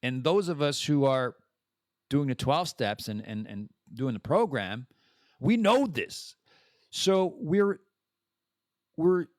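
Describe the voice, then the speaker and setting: Man musing aloud with a lively pitch. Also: dry recording, clean studio sound. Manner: rambling, restarts and swears. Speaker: podcast host. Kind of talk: casual recovery podcast monologue.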